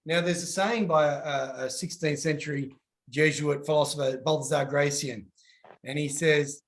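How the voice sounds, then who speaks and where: A man's voice: a little high, brisk. A man giving casual coaching advice and acting out little voices as he tells stories. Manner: animated, acts out voices in his stories.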